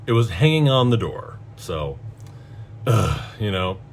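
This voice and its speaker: A man's voice: lowish voice, unhurried, a little hiss or hum. A middle-aged man telling a story in a casual rant, profane and exasperated. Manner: profane, exasperated, animated storytelling with voiced quotes. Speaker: vlogger.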